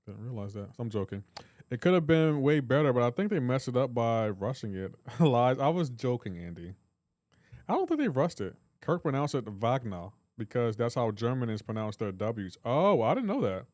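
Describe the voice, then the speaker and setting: A male game streamer talking casually with his live chat, quick to joke and tease. His voice sits in a middle range and comes through a dry, close microphone. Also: mid-range voice, expressive, a little mellow, no echo. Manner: joking, reads and answers chat aloud.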